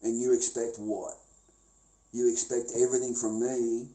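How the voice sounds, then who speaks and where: A man's voice: medium pitch, flat delivery, normal speed, dark tone. A man muttering bitterly and swearing on a livestream. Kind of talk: angry livestream rant. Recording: echoey room.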